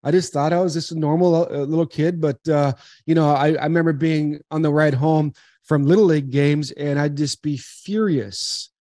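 A man in his forties from Southern California, a podcast guest telling earnest, animated stories with frequent restarts. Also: a little high, normal speed, dry recording, studio quality. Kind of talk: casual interview storytelling.

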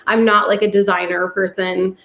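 A woman chatting casually as a guest, candid and quick to laugh. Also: medium pitch, little pitch movement, a bit bright. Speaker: podcast host and musician, guest. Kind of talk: casual chat. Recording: echoey room, faint background noise.

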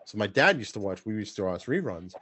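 A middle-aged man with a New York accent, hosting a casual panel chat and telling animated stories with many fillers. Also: lowish voice, brisk, slight background noise. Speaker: podcast host.

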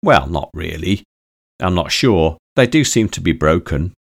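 A man's voice: sits low, very animated, measured pace, gravelly, husky, full character voice. A man reading aloud, voicing a sceptical young woman who smokes and talks bluntly and sarcastically. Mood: puzzled.

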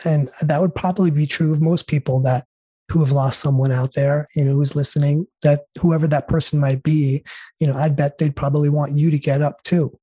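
Middle-aged male guest, earnest storyteller, husky voice. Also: on the high side, fairly even intonation, a little fast, mellow, no room sound. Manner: earnest, heartfelt, with many fillers and restarts. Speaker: interview guest. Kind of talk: conversational storytelling.

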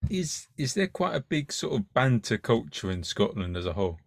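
A man hosting a relaxed chat, easygoing and quick to swear. His voice sits at an ordinary male pitch. The recording is dry with no room sound. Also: creaky, dry recording. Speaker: podcast host. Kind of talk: casual interview chat.

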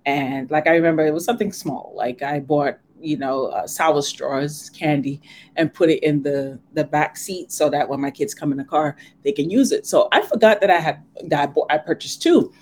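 A woman co-hosting a casual faith discussion, an animated storyteller who acts out the voices she quotes. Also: sits low, normal speed, a little hiss or hum.

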